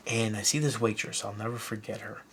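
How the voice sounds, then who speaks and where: A man from Chicago telling a personal story in a documentary interview, animated and full of "you know, man.". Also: on the low side, a little fast, a loud crowd. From Chicago, USA.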